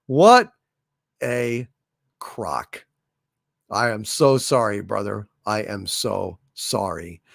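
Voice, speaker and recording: Stream host, male, gravelly and unhurried, slightly higher voice, dry close sound, reads and hails viewers. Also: bright, forceful tone, no echo. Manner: hails and thanks viewers by name, drawn-out unhurried delivery. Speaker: livestream host. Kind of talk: casual livestream chat, reading viewer messages.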